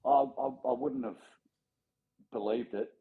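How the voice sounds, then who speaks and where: Heard through narrow, tinny audio, an Australian man in his forties with a creaky mid-range voice speaks a little slowly. He's a guest in a casual interview, animatedly sharing anecdotes, voicing the people he quotes, and filling his talk with fillers and restarts.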